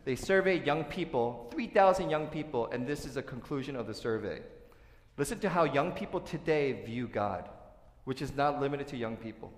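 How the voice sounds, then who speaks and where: A man preaching a sermon as pastor, earnest, dropping to soft asides and then rising to loud, emphatic points. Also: mid-range voice, moderate pace. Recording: echoey hall with long reverb.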